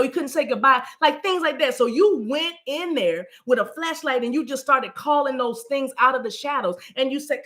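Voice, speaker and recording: A woman's voice: a little high, quick pace, hardly any pauses. Chatty middle-aged woman giving a reading. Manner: rambling, colloquial, says y'all and you know what I mean; animated, breaks into voices and asides. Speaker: psychic reader. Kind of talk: live-streamed spiritual reading.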